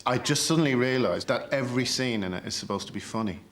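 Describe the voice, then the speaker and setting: A man's voice: mid-range voice, fast talker, a bit bright. A man in an interview reflecting with enthusiasm on a comedy film. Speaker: film commentator.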